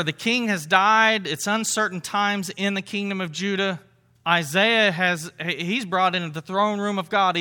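A man's voice: high voice, bright, forceful tone. A man preaching a sermon to his congregation, conversational, with rhetorical questions and asides. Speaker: pastor.

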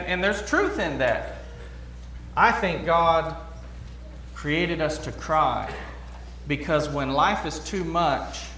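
A middle-aged man preaches in a talky, conversational manner, his voice a little higher than usual for a man. He poses question after question and echoes his own phrases for emphasis. The room rings with echo, and a faint hum of ambience sits underneath. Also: fairly bright tone. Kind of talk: sermon.

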